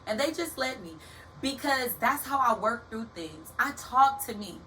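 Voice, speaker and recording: A young woman hosting a motivational podcast in a casual, animated way, calling her listeners baby and y'all, like a preacher. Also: on the high side, measured pace. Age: young adult. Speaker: podcast host. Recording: distant from the mic with faint background hiss.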